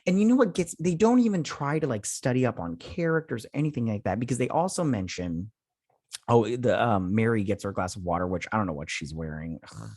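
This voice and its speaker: A man's voice: lowish voice, expressive, a little fast, darkish tone, no room sound, clean studio sound. A man hosting a casual TV episode recap and review, rambling with lots of fillers and sounding exasperated. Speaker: TV review host.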